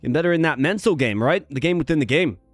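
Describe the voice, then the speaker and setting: A man's voice: on the high side, animated, fast talker, no room sound, soft background music. A man streaming a management game live, chatting playfully with his viewers as he plays. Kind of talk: casual live-stream commentary.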